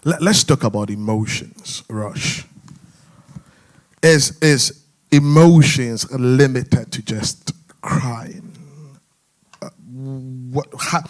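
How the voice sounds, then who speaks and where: A man's voice: mid-range voice, extremely slow. A man with a London accent hosting a church discussion among men, earnest and searching, often restarting his questions. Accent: London English. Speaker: host.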